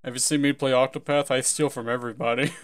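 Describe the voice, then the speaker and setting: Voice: mid-range voice, steady tone, fast talker. A co-host with a Southern US accent playing through a game, joking and laughing often. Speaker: let's play co-host. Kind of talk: casual gaming commentary.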